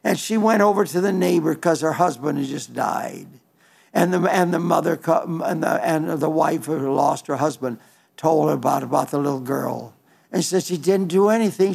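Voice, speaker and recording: A man delivers an earnest sermon, often stopping to restart his phrases and quoting scripture with emphasis. His voice sits a little high and carries a gravelly fry. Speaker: preacher.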